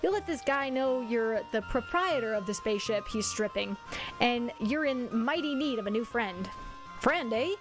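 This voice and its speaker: A woman's voice: on the high side, lively intonation, moderate pace, over music. A woman streaming a game, chatting casually and reading the story aloud with bubbly, self-deprecating asides.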